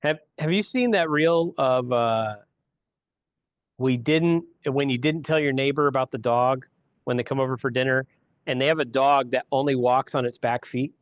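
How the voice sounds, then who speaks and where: A man's voice: mid-range voice, normal speed, no echo. A man hosting a podcast, telling casual stories in a rambling way with restarts. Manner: rambling storyteller with frequent restarts. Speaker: podcast host. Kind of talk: casual chat. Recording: dry, dull lo-fi sound.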